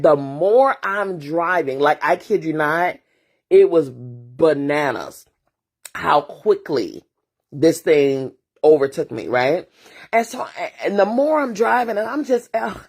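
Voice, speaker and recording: Female host, low husky voice, unhurried earnest storytelling with casual slang and repetition. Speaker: host and therapist. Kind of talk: emotional storytelling monologue.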